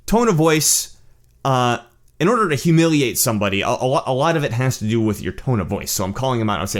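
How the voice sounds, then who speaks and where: Male host, casual storyteller, blunt and animated, swears, restarts sentences, mid-pitched. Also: fast. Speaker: channel host.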